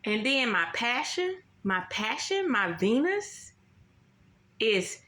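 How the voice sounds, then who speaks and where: A woman's voice: a little high, big pitch swings, takes it slowly, pushed and bright. A woman ranting about astrology in a casual vlog, blunt and emphatic, swearing constantly and repeating herself. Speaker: astrology vlogger. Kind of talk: casual profane astrology rant. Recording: roomy echo.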